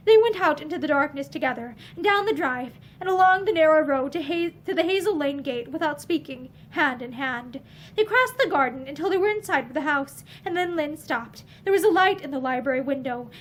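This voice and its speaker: A woman narrating a novel aloud in a measured, expressive storytelling manner, sitting indoors among bookshelves facing the camera. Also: high-pitched, a little hiss or hum.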